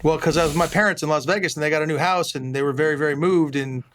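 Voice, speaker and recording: A man in his fifties speaking candidly as a podcast guest, with halting starts and frequent restarts. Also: fairly high pitch, a bit bright, slight background noise. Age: 50s. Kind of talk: candid conversational interview.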